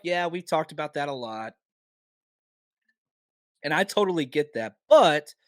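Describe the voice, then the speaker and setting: A man hosting a casual sports podcast, animated and firing off rhetorical questions, a bit hoarse from talking a lot. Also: high-pitched, no echo, studio quality. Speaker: podcast host.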